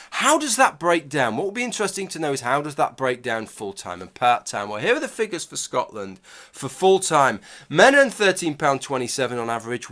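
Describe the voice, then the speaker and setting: A man's voice: mid-range voice, a bit bright. A man giving argumentative video commentary, conversational and emphatic with wry asides.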